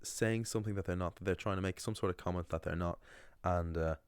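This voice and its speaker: Young guy, deep voice, chatty rambly monologue, dry close sound. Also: steady tone, fast talker, smooth, dry recording. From Ireland. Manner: rambling, conversational, many fillers and restarts. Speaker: language channel host. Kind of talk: casual talking-head monologue.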